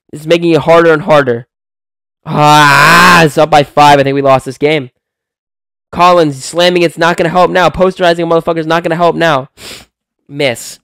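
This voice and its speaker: A young man giving excited, profane play-by-play commentary on a basketball video game he is playing, swinging from calm calling to loud outbursts. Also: on the high side, no echo. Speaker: gaming video creator.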